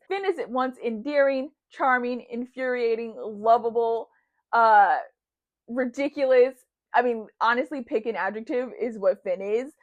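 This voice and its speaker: A woman's voice: fairly high pitch, lo-fi sound. A woman enthusiastically reviewing her favorite books, rambling, correcting herself and gushing with praise. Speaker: book reviewer. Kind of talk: casual book review vlog. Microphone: new desk mic.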